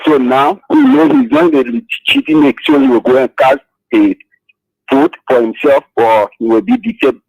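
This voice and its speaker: A man phoning into a radio show, soft-spoken and rambling. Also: high voice, big pitch swings, moderate pace, creaky, slightly rough, no room sound. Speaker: caller. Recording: phone line into radio.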